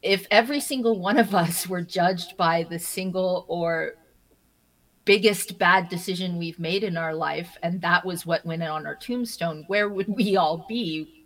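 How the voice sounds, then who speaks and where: A woman being interviewed, telling stories in an animated way, often laughing and repeating her first words as she starts a thought. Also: on the low side, unhurried, poor audio. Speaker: interview guest. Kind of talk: casual interview conversation.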